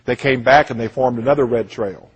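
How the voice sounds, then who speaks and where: Husky-voiced man, earnest preaching monologue, mid-range pitch. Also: fairly even intonation, brisk. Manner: earnest, repeats "listen to me", quotes others in voices. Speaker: speaker giving a presentation. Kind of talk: impassioned monologue, storytelling.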